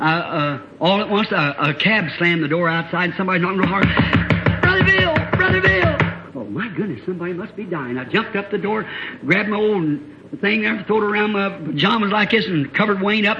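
A man preacher telling a story in a folksy, plain-spoken sermon that builds to shouts, on a dull lo-fi old tape. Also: high voice, moderate pace, very noisy.

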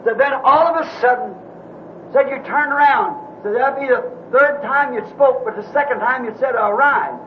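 A man's voice: very high-pitched, moderate pace. A male preacher telling a long story in a sermon, in a folksy, rambling way, repeating "said" again and again. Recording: dull old tape recording with faint hiss.

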